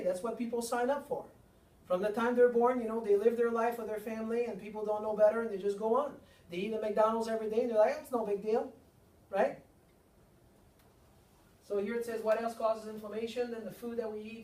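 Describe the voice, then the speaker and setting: Before a live seminar audience, a male chiropractor hammers his points with rhetorical questions and repeated lines. His voice sits high with a darkish tone, and the mic is far off in an echoey room.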